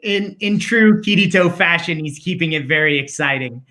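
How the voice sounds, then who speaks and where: A man, a guest voice actor, speaking in an easygoing, measured way in a casual discussion. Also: on the high side, pushed and bright.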